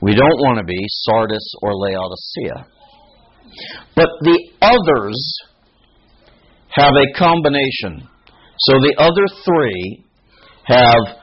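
A man delivers a sermon at a slow, deliberate pace, thinking aloud and restarting phrases as he teaches. His voice is mid-pitched and husky. The recording sounds dull and lo-fi. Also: expressive. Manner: reflective, unhurried teaching with frequent restarts. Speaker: preacher.

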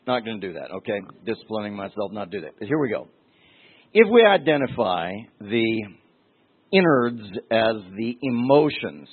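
A middle-aged man pastor preaching a teaching sermon, deliberate, with restarts and asides. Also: medium pitch, breathy edge. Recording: tinny phone-like sermon recording.

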